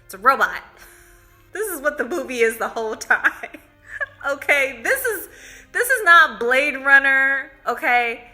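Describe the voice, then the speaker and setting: Woman reviewer, very bright and sharp tone, slow relaxed chatty recap, faint music underneath. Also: high voice. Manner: chatty storytelling with many "like"s. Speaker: movie reviewer. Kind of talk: casual spoken film recap.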